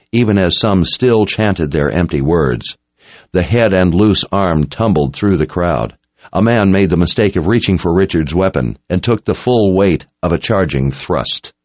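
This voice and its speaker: A man's voice: low-pitched, no echo, highs cut off. A man reading a dramatic story aloud as narrator, in an intense, scripted audiobook style.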